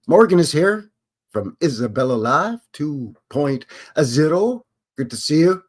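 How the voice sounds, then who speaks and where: A man's voice: a little high, big pitch swings, measured pace. Brief: Canadian stream host, loose, joking, swings up and down a lot as he talks. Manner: rambling, joking, greets chatters by name. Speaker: livestream host. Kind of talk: casual live-stream chat.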